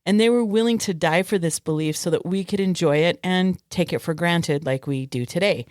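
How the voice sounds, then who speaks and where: Woman co-host, Arizona accent, earnest and on-topic, lower pitch, dry sound. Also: fairly quick, a little mellow, no echo. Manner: earnest, steering the talk back on topic. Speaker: podcast co-host. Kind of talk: casual chat.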